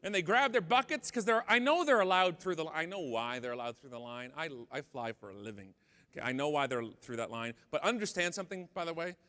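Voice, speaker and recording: A Canadian man tells a comedic story from a conference stage, his voice sitting a little high and leaping around with animated, mock-angry outbursts. His tone is bright and forceful. The sound carries a long reverb from the big hall. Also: quick pace. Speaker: keynote speaker.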